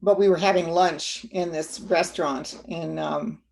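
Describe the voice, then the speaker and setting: Woman, low register, gravelly edge; gentle reflective storyteller, lots of ums and restarts. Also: steady tone. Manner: gentle, unhurried, with many fillers and restarts. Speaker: guest speaker.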